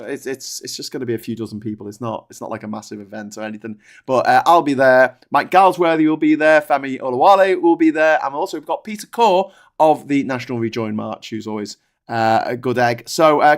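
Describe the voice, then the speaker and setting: A man with a Liverpool accent co-hosting a casual political chat, rambling with fillers as he reads out viewer messages. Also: mid-range voice. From Liverpool, England. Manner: chatty, rambling, lots of fillers and restarts. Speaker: podcast co-host. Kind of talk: casual political chat, reading super chats.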